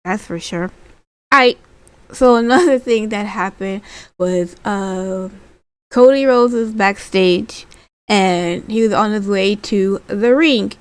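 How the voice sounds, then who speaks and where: A woman's voice: mid-range voice, slow, clear, resonant tone, dry recording. A woman recapping wrestling in a casual, rambling way, with lots of fillers and restarts. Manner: acts out quotes in a lively voice.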